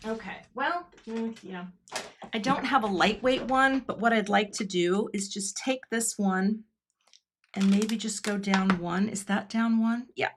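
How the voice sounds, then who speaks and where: Against a noisy background, a woman with a fairly high voice leads a live card-making demo. She's a middle-aged craft product designer from Washington State who chats with viewers and laughs often as she works.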